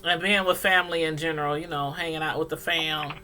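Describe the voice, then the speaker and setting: Woman host, middle-aged, bright tone, laughs a lot, reads the chat. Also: deep voice, steady tone, fast, a little hiss or hum. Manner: laughs often, reads chat comments aloud. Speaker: livestream host. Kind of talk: casual chat.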